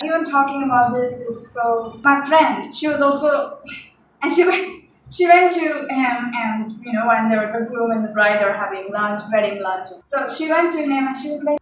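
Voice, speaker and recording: A woman's voice: high-pitched, normal speed, fairly bright tone, slight background noise. Young woman telling a story, echoey and distant. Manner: chatty and exasperated, with many fillers and repeats. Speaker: vlogger. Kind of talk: casual storytime chat. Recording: echoey room heard from a distance.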